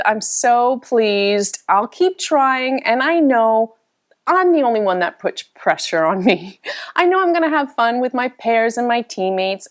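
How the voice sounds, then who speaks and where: A middle-aged woman from New Zealand, talking casually and brightly to camera in her puzzling vlog. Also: on the high side. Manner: upbeat and chatty. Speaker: puzzling vlogger.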